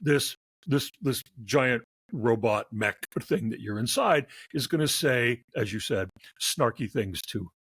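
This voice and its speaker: A man co-hosting a casual movie review chat, animated and laughing as he acts out scenes. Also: mid-range voice, measured pace, few pauses, slightly rough. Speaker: film critic co-host.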